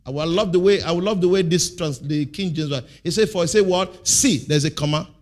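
Pastor preaching call-and-response. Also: male voice, a little high. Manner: call-and-response preaching, leaving blanks for the congregation; emphatic, with sudden loud, drawn-out bursts. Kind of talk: sermon.

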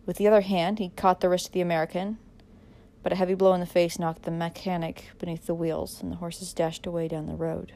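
A woman narrating a dramatic audiobook in a measured way, pressing harder in tense moments. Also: on the low side, flat delivery, gravelly, dark tone.

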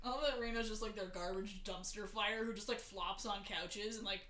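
A woman chatting casually about a video game, excitable and laughing often as she acts out lines. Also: mid-range voice, normal speed, reverberant.

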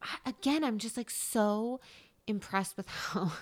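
A woman co-hosting a casual podcast chat, retelling a horror movie with animated, playful storytelling. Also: mid-range voice, measured pace. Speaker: podcast co-host.

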